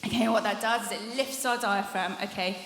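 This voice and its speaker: Demonstrating exercises during a live masterclass, a young woman coaches singers with chatty encouragement and frequent laughter, in a large conference hall full of long, echoing reverb. Her voice is medium-pitched, steady, brisk and a bit bright. A faint hiss or hum is audible.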